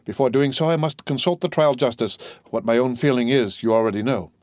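A man voicing a stern male magistrate, speaking in a measured, stiff and formal way. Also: mid-range voice, darkish tone, no echo, clean studio sound, lightly acted. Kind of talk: audiobook character voice.

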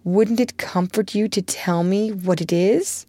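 A woman reading aloud, voicing a spirited, blunt young woman who scolds briskly and comforts softly. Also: medium pitch, dry recording, pitched above the performer's own voice. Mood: tender.

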